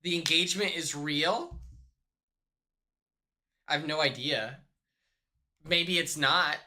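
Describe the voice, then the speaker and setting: Male streamer, casual hotel-room chat, sharp bright tone, slow drawl, excitable and sweary. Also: fairly high pitch. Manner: excitable, swears, laughs often, shrieks when retelling.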